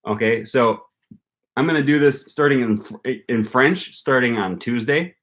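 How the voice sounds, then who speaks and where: A man's voice: medium pitch, moderate pace, fairly bright tone. A young man from Wisconsin with a Wisconsin accent, hosting a casual livestream and thinking aloud with plenty of ums and likes. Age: young adult. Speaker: language-learning channel host. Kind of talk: casual livestream chat with viewers.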